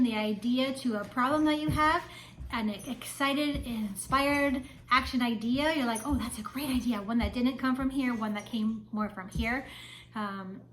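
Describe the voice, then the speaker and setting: Woman doing a chatty spiritual vlog, voice on the higher side, faint hiss behind. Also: poor audio. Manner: chatty, often adds "right?". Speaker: spiritual mentor. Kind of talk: casual vlog talk to camera.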